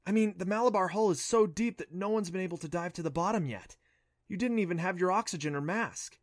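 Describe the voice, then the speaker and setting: A man voicing a sharp, skeptical young girl who scoffs and doubts, in a dry storybook reading. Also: sits high, dry recording, pitched above the performer's own voice, natural voice. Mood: doubtful. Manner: indignant, quick to scoff.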